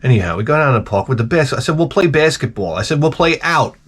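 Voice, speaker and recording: A man's voice: medium pitch, big pitch swings, fast. A man telling comic stories to camera in a rambling, exasperated, profane rant full of restarts. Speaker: vlogger. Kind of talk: comedic storytelling rant.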